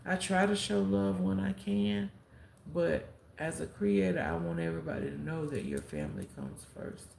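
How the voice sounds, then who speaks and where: A woman chatting on a live stream with a deeply gravelly, creaky voice that swings up and down as she acts out what people said. Her room sounds echoey, with faint ambience behind her. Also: normal speed, a little hiss or hum. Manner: animated storyteller who acts out quotes and gives heartfelt advice. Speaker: live streamer and content creator. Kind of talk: casual live-stream storytelling. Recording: roomy echo with faint background ambience.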